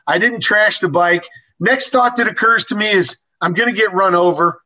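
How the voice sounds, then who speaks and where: An older man spins a casual story in a folksy, animated way, chuckling between lines. His voice is high for a man, bright and forward. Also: moderate pace, low-quality recording. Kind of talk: casual anecdote.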